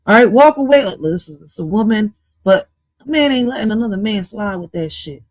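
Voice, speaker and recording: A woman's voice: medium pitch, lively intonation, a little fast, darkish tone, no room sound. Blunt, scolding woman reacting on stream. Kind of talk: casual reaction commentary.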